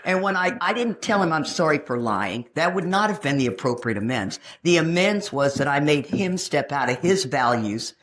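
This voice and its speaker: A woman in her sixties from Texas, telling her own recovery story at a meeting in a frank, animated storytelling way with touches of humor. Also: deep voice, moderate pace, hardly any pauses. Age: 60s. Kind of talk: personal testimony at a recovery meeting. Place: meeting room.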